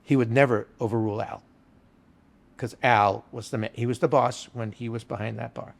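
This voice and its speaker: An older man with a gravelly, creaky edge to his voice spins rambling anecdotes at a middle pitch. He talks casually and earthily, like a bartender being interviewed about the old days. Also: steady tone, normal speed. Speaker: bartender guest. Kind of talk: storytelling interview chat.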